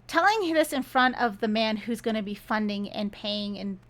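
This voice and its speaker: A woman's voice: mid-range voice, lively intonation, moderate pace, fairly bright tone. A woman ranting casually in a book review, sarcastic and chatty.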